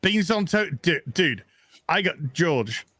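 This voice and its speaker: A man's voice: high-pitched, sing-song, takes it slowly, sharp tone, no room sound, studio quality. A British man on a casual panel chat, teasing and playful. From Britain. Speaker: panel guest.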